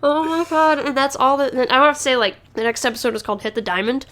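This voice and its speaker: A woman's voice: fairly high pitch, very fast, a bit bright. A woman hosting a podcast in casual chat, rambling with many fillers and restarts and laughing often. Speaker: podcast host.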